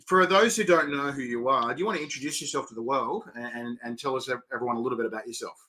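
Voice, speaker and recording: A man's voice: mid-range voice, rapid-fire, bright, forceful tone, poor audio. A man hosting an online video interview, upbeat and chatty, laughing often. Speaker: host.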